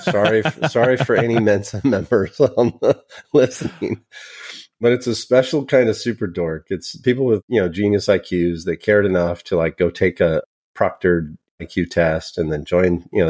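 A man with a notably low voice tells stories as a podcast guest. He talks in a loose, chatty way. He pokes fun at himself and laughs easily between thoughts. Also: a little mellow. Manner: chatty and self-deprecating, laughs while telling stories. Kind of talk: casual storytelling interview.

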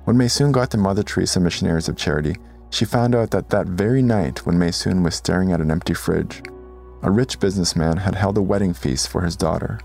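Man, documentary narrator, very deep voice, gravelly, faint music behind. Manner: calm, measured storytelling. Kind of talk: scripted narration.

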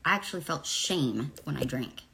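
A woman's voice: low-pitched, lively intonation, moderate pace, creaky, heavy background noise. A woman in her forties talking candidly to camera, blunt and profane, rambling through personal stories. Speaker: vlogger.

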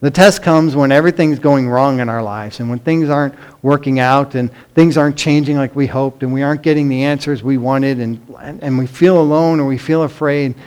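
A man's voice: medium pitch, steady tone, fairly quick, few pauses, darkish tone, smooth. A middle-aged man preaching a sermon in an earnest, emphatic way, often asking the congregation rhetorical questions. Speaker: pastor.

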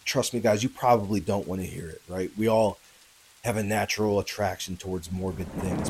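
This podcast host has a low-pitched male voice, captured in a low-quality recording with a bit of background noise. Chatting straight to his audience, he recounts a true story full of fillers and tag questions, and his delivery grows louder and more pressing at the tense parts.

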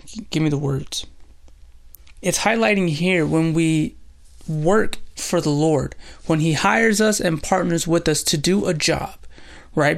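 A man's voice: fairly high pitch, gravelly. A man hosting a bible study, teaching earnestly through scripture as a preacher. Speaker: pastor and host.

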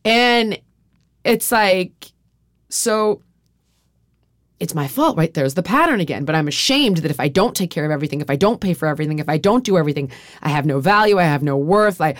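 A woman's voice: low voice, lively intonation, brisk, no echo, clean studio sound. A middle-aged woman hosting a podcast, speaking frankly and confessionally, often saying "like" and swearing freely. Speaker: podcast host. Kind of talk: candid personal conversation.

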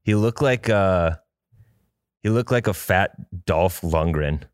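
Swearing freely, a male podcast co-host spins a long, rambling story in casual chat. His voice is low and his pace slow, captured in studio quality with no echo.

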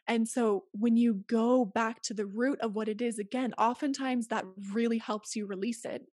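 A woman's voice: fairly high pitch, fairly even intonation, normal speed, hardly any pauses, a little mellow, no room sound, clean studio sound. A woman speaking as an interview guest, earnest and emphatic as she gives advice in casual conversation. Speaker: podcast guest.

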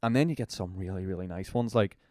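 A man's voice: low-pitched, quick pace, a little mellow, dry recording, studio quality. A young Northern Irish man chatting as a podcast guest, telling rambling anecdotes full of swearing and fillers. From Northern Ireland. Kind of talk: casual storytelling chat.

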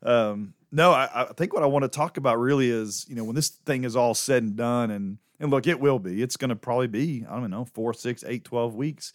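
Easygoing pastor co-host, dry close sound. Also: male voice, mid-range voice, fairly quick, few pauses, no echo. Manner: easygoing, teasing. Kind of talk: casual podcast chat.

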